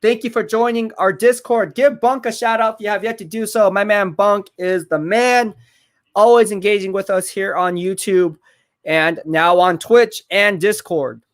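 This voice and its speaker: Man, high voice, live football stream host, excitable, hypes his calls, home streaming mic. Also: normal speed. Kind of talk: live football watch-party commentary.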